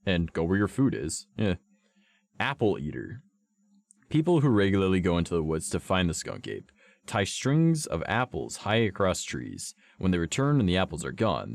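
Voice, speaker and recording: Man, deep vibrating voice, lively pitch, casual swearing streamer chat. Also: moderate pace, gravelly. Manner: swears often, jokes between reading; puts on a higher pitched voice. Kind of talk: casual chat reading about cryptids.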